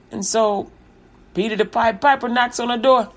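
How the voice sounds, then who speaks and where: A woman's voice: on the high side, steady tone, moderate pace. A woman teacher retelling a fairy tale in a playful, laughing, slangy way.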